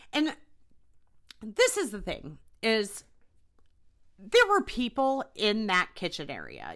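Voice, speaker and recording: Young woman podcaster, conversational storyteller, lively pitch, bright tone. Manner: chatty, animated retelling with frequent fillers. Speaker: podcast host. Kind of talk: casual storytelling.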